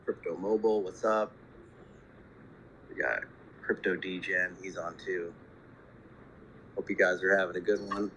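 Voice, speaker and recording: A man's voice: sits low, unhurried, pauses often, a little hiss or hum. Laid-back man hosting an audio chat. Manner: relaxed, rambling with many fillers. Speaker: host of an online audio chat. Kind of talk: casual chat.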